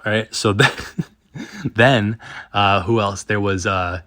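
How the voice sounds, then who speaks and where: Low-voiced man in his thirties telling a story. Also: fairly even intonation, slow, sharp tone, no echo, clean studio sound. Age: 30s. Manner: laughs often, rambling storytelling. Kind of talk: casual storytelling.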